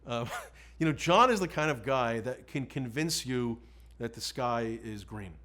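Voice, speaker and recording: A middle-aged male defense lawyer looking back on a case in an interview, frank and animated, breaking into laughs as he tells it. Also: mid-range voice, unhurried. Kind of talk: candid recollection in an interview.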